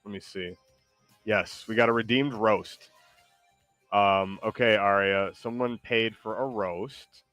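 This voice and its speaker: A man hosting a casual stream, talking in a hesitant, rambling way with lots of pauses. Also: fairly low pitch, fairly even intonation, a bit bright, no room sound, faint music behind. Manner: hesitant, rambling, many ums. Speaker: streamer host.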